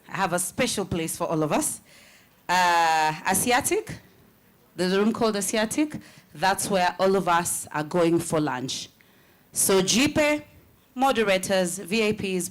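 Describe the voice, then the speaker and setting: A woman acting as master of ceremonies, giving chatty, joking directions to delegates. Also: medium pitch. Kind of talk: event announcements.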